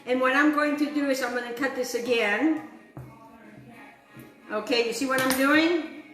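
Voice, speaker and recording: A woman's voice: high-pitched, moderate pace, fairly bright tone, reverberant, soft background music. A middle-aged woman hosting a home cooking show, chatty and enthusiastic, with many fillers and asides. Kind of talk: casual cooking demonstration. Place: home kitchen.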